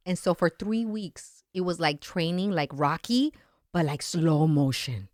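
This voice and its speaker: A woman's voice: deep voice, normal speed, no room sound, studio quality. A woman in her thirties telling a personal story as a podcast guest, acting out the voices of the people in it. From Latin America. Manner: animated, acts out quoted voices. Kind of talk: casual storytelling.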